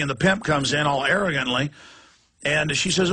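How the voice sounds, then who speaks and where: Intense, bright-voiced male talk host. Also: a little high, breathy edge. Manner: rapid, impassioned, ranting. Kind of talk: heated political talk.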